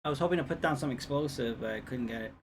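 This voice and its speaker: A man's voice: medium pitch, very fast, a little hiss or hum. Man joking through gameplay. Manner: sarcastic, joking asides. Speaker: streamer. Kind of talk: casual gameplay commentary.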